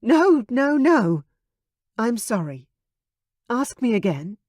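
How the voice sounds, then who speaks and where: A man's voice: very high-pitched, sing-song, slow, a little mellow, no echo, studio quality, voice pushed up, exaggerated voice. A man voicing a hot-tempered young dragon princess in an audiobook, demanding and huffy. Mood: pleading. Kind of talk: audiobook character voice.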